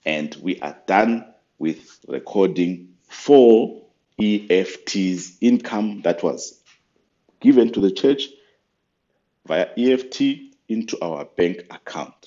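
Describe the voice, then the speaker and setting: A man giving a patient step-by-step software tutorial over a screen recording. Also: low-pitched, lively intonation, slow pace, muffled recording. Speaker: software trainer.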